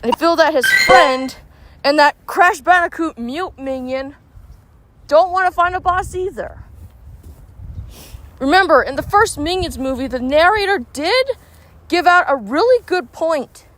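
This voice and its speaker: A woman's voice: high-pitched, rough recording. A woman gaming vlogger chatting casually and speculating aloud while she plays. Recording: loud background noise.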